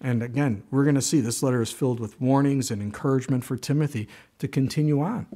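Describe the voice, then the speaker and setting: A man's voice: medium pitch, quick pace, mellow. An older man preaching a sermon in a conversational way, with frequent asides and restarts. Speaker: pastor.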